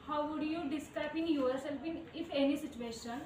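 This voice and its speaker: A woman giving a halting classroom presentation with filler pauses. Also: sits high, background noise. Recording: distant voice in an echoey room.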